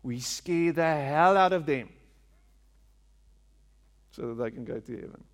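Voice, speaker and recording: A man's voice: a little high, animated, measured pace. A man preaching a sermon, repeating phrases for emphasis and asking rhetorical questions in a large hall. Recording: long hall reverb.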